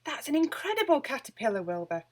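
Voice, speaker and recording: A woman voicing an excitable, scatterbrained female witch in a storybook reading, with a high exclaiming voice. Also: normal speed. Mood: excited.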